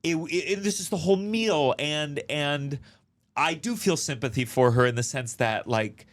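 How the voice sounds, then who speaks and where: A man, a comedian guest, chatting casually and telling animated stories with quoted voices and some swearing. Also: on the high side, moderate pace. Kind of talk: casual chat, storytelling.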